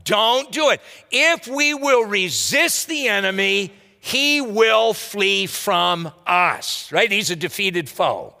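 Male pastor, high and expressive, conversational sermon, reverberant church sound. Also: slow pace, creaky. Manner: lively, conversational preaching with rhetorical asides.

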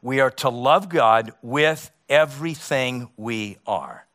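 A middle-aged man preaching a sermon as pastor, emphatic, with rhetorical questions and dramatic pauses. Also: mid-range voice, fairly bright tone.

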